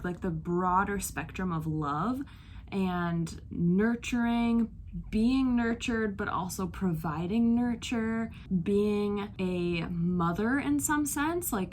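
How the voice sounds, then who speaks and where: A young woman in a casual reading vlog, talking with a somewhat low voice. She gushes emotionally and leans on "like" fillers. Faint outdoor ambience sits behind her. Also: a little hiss or hum. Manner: gushing, emotional, filler-heavy with frequent "like". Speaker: book vlogger. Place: outdoors on a beach.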